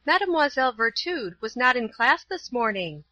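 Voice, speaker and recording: A woman voicing a gentle, tender-hearted young schoolgirl in a storybook, with a soft, pleading manner. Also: fairly high pitch, very animated, moderate pace, no echo, muffled recording, pitched above the performer's own voice.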